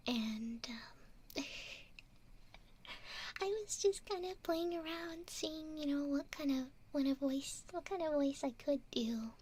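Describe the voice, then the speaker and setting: A woman ASMR streamer talking softly with viewers in a gentle whisper, giggly and warm with thanks. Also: sits high, slow, slight background noise. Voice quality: soft whispering.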